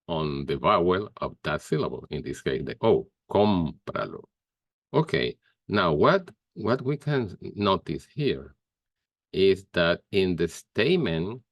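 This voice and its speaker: Slow, deep-voiced male teacher. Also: no room sound, studio quality. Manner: slow, careful explaining with pauses and fillers. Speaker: Spanish teacher. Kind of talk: grammar lesson.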